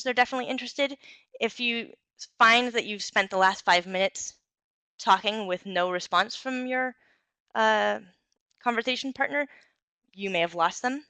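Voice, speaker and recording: A young woman giving an instructional talk on communication skills, clear and encouraging, with occasional fillers. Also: mid-range voice, pushed and bright, no room sound.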